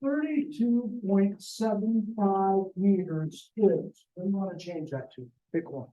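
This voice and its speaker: A man's voice: high voice, a little slow, mellow, reverberant, distant mic, dull audio. A man teaching a math lesson to a class, joking and talking to the students directly. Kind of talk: classroom lecture.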